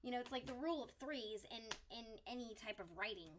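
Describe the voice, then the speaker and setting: A woman's voice: fairly high pitch, fast, a little hiss or hum. A woman co-hosting a live stream, chatting casually and enthusiastically, often restarting sentences. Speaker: co-host.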